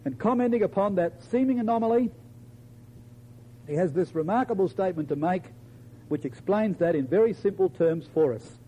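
Emphatic preacher with husky high voice. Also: male voice, expressive, normal speed, warm tone, poor audio. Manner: emphatic, addresses listeners as brethren and sisters; quotes scripture in old-fashioned wording. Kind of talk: sermon.

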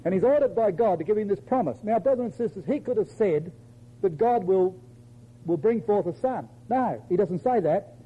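A man preaching a sermon to his congregation, emphatic, quoting scripture in old-fashioned wording and dropping softly at the ends of phrases. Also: expressive, normal speed, breathy edge, phone-quality sound. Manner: emphatic, addresses listeners as brethren and sisters; drops to a soft low voice at the ends of phrases.

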